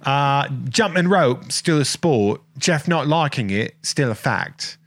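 A man hosting a podcast in casual chat, joking and rambling through listener shout-outs. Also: medium pitch, lively intonation, slow, dry recording. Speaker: podcast host.

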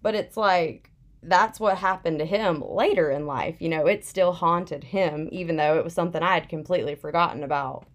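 A woman's voice: lowish voice, moderate pace. A young woman in casual chat, telling a personal story candidly with plenty of "like" fillers.

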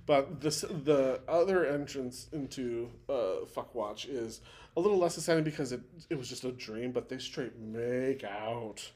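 A man's voice: mid-range voice, unhurried, darkish tone. A man co-hosting a podcast, casually recapping a TV show in a rambling way with lots of fillers and restarts. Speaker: podcast co-host.

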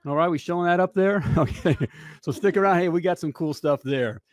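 A man's voice: fairly high pitch, brisk, no echo. A man in his fifties hosting a live talk show, talking with pumped-up energy and constant "hey" and "all right" asides.

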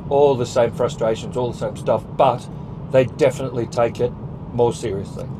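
A man's voice: medium pitch, steady tone, normal speed, noisy background. A man with an Australian accent, co-hosting a podcast in casual chat, talking in an earnest, reflective way. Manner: earnest, reflective, praises at length. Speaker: podcast co-host.

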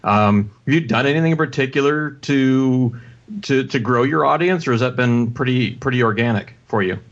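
A man's voice: mid-range voice, normal speed. A man hosting a podcast, talking casually and rambling through restarts. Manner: rambling, many fillers and restarts. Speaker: podcast host. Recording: dull lo-fi sound.

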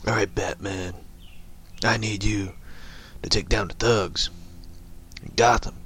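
A man's voice: fairly low pitch, fairly even intonation, slow, fairly bright tone, slightly rough, heavily acted. A man putting on a mocking impression of an actor's stiff statesman voice.

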